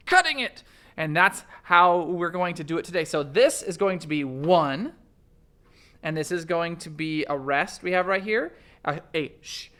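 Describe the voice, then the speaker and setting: A man's voice: high voice, fairly bright tone. A man teaching an upbeat elementary music lesson, energetically counting off beats and chanting rhythm syllables for children to copy.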